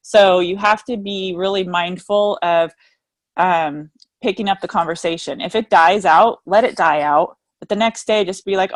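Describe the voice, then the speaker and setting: A woman with a somewhat low voice talks through her experience on a team training call. Her delivery is earnest and conversational, with frequent "you know" asides. The call audio is dry, with no room sound. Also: a little slow, dry recording. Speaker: guest team leader sharing sales experience.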